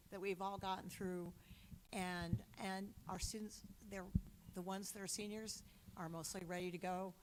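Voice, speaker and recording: A woman school superintendent giving a board meeting report in earnest, short, halting phrases. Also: fairly low pitch, a little hiss or hum, rough recording.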